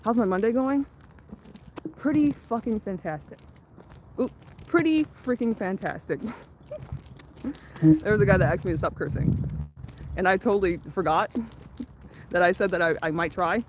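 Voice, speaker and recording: A woman's voice: mid-range voice, lively intonation, moderate pace, long pauses, low-quality recording. A young woman live-streaming while she walks outdoors in the sun, chatting casually with her viewers on her phone. She curses a lot, laughs often and reads the chat aloud. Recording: loud outdoor background noise. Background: loud outdoor noise.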